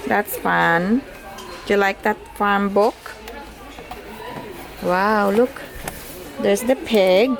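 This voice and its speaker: Lady doing baby talk, super slow and sing-songy, kinda raspy fry, makes animal noises. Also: mid-range voice, a crowd in the background. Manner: gentle sing-song, imitates animal noises. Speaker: caregiver playing with a baby. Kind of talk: baby talk while showing a sound book.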